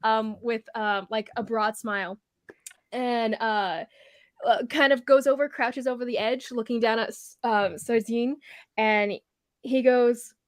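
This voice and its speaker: A woman running a tabletop game, narrating in a rambling way full of fillers and quick corrections. Her voice is a little high. The sound is dry and close. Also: fairly even intonation, dry recording. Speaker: game master.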